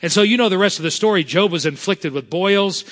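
A man from South Florida preaching a sermon as pastor, earnest, slowing down to stress scripture. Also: high-pitched, a bit bright, in a large hall.

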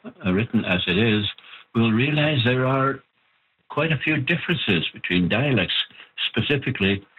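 Husky-voiced man on a tinny phone line. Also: mid-range voice, expressive. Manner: measured, explanatory, with pauses and fillers. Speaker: author of a Cree language book. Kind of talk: phone interview, explanatory.

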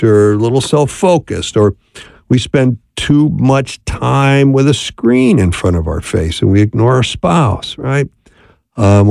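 Male speaker, gravelly voice, dry close sound, conversational teaching, keeps asking "right?". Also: medium pitch, darkish tone, dry recording. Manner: conversational, often asks "right?". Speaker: speaker on marriage. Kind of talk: instructional talk.

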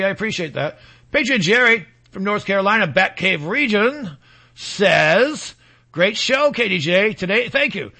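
A middle-aged man hosting a political talk radio show, rambling and mocking with animated asides. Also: high voice.

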